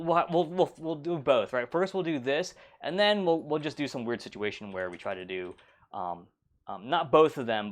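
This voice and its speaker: Casual man lecturing with playful asides. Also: medium pitch. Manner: relaxed, filler-heavy, playful sound effects. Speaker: instructor.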